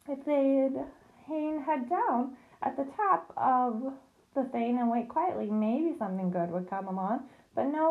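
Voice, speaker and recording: A woman reads a storybook aloud, voicing a wise, calm female spider who explains things patiently. She pitches the spider a little above her own plain reading voice, gently raised, with a fond and self-assured tone. The audio sounds narrow and tinny.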